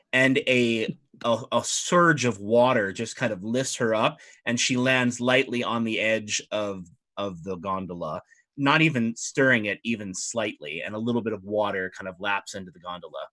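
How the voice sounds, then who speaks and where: A man narrating a tabletop game as game master, describing scenes in an animated way. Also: on the low side, normal speed.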